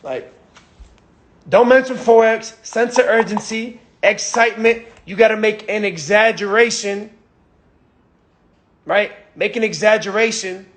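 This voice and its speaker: Man, twenties, high voice, motivational sales coach, emphatic, repetitive, keeps saying bro. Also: a little slow, pauses often, fairly bright tone. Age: 20s. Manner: acts out a breathless pitch to a friend. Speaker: sales trainer.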